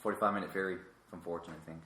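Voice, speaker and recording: A young man, hosting a podcast with quick, eager, joking chat. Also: low voice, steady tone, bright, forceful tone, slight background noise. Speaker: podcast host, comedian. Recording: echoey room.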